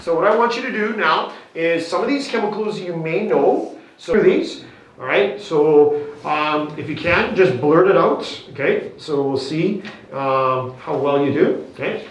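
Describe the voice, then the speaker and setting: A man's voice: fairly high pitch, lively intonation, measured pace, slight background noise. Upbeat male teacher in an echoey classroom. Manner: upbeat, coaxing, peppered with "okay?" and "right?". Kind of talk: classroom lesson. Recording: very echoey classroom, distant mic.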